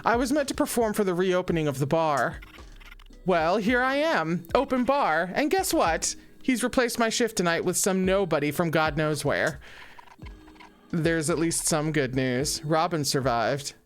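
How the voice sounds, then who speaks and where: A sassy, scheming angel bar singer who coaxes and flatters to win help, played by a woman. Her voice is fairly even and mid-pitched, with soft music in the background. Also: measured pace. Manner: sassy, persuasive. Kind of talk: let's play voice acting.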